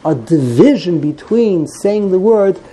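A man's voice: high-pitched, lively intonation, measured pace, mellow, husky, low-quality recording. A man teaching a Torah text class, explaining Hebrew grammar with frequent repetitions and Hebrew terms. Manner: explains grammar patiently, repeats words, mixes in Hebrew terms.

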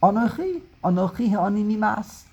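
Woman teaching a torah class, low mellow voice, kinda husky, repeats herself a lot, asks questions then answers. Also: big pitch swings, normal speed, muffled recording. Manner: asks rhetorical questions and repeats words while building a point. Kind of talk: lecture on Hebrew prayer and scripture.

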